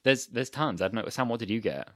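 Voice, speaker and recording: A man's voice: mid-range voice, lively intonation, quick pace, dry recording, clean studio sound. A man guest on a podcast, rambling through stories with plenty of fillers. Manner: chatty, rambling storyteller with lots of fillers. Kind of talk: casual podcast chat.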